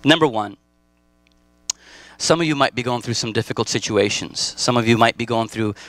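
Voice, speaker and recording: A man's voice: mid-range voice, moderate pace, a bit bright, dry recording. A man preaching a live Sunday sermon as pastor, emphatic, repeating key phrases and stacking short lists, with casual asides to the congregation. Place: church service.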